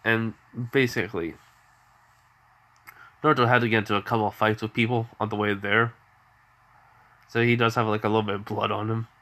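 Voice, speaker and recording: A man narrating a made-up story casually, rambling and packing his sentences with fillers. His voice sits a bit low but has a bright, sharp tone. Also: flat delivery, a little fast, pauses often.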